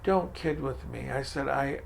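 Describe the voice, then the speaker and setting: A man's voice: mid-range voice, measured pace, gravelly, slight background noise. An older man telling his story in an oral history interview, acting out the voices in his dialogues. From Franco-American, from Maine. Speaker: food pantry director.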